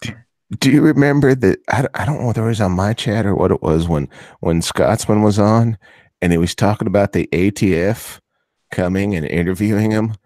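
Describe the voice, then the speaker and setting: Very deep-voiced man, dry sound. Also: darkish tone, dry recording. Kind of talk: casual chat.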